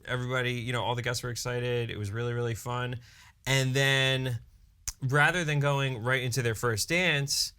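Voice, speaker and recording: A man, a wedding DJ and emcee co-hosting a podcast, telling a story in a casual, animated way and peppering it with "you know" and "right". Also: mid-range voice, normal speed, clear, resonant tone. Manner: animated storyteller who briefly acts out his own hype announcements.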